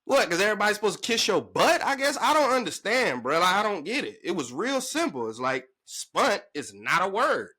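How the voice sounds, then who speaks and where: A man ranting to camera in a sports vlog, emphatic and slangy, his pitch jumping up when he gets worked up. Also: very animated, brisk, few pauses, pushed and bright, husky. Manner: emphatic, slangy, calling the listener "bruh" and "big dog". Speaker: sports vlogger.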